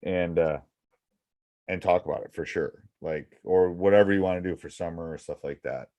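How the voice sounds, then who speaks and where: A low-pitched middle-aged man hosting a coaching podcast, hammering his points home again and again. His voice is dry and close, with no room sound around it. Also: normal speed, dark tone, dry recording. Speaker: basketball coach and podcast host. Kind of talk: casual coaching advice chat.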